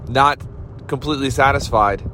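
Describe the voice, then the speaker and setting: A man's voice: mid-range voice, normal speed, sharp tone, a little hiss or hum. Blunt, fired-up man hosting a podcast. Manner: blunt, casual, fired-up with slangy greetings. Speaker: podcast host. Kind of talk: motivational monologue.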